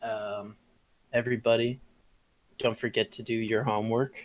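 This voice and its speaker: A man's voice: on the low side, little pitch movement, normal speed, a little hiss or hum. A man co-casting a live esports match, easygoing and chiming in with short reactions. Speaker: esports co-caster.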